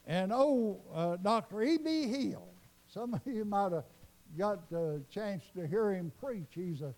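A man with a high, animated voice, measured pace and darkish tone preaches a revival sermon. He tells a story fervently, repeating himself as his voice surges up in sudden rises.

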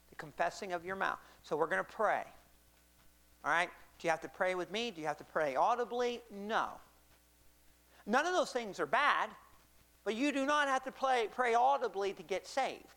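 A man's voice: high voice, pushed and bright. Rambling preacher man. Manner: rambling, self-correcting, checks in with "right?" and "okay?". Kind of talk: conversational sermon.

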